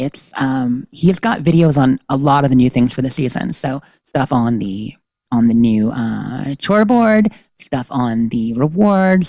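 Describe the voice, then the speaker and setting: A podcast co-host chatting casually from a home streaming setup, rambling with lots of ums and quick laughs. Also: medium pitch, warm tone, dry recording. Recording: slightly dull sound.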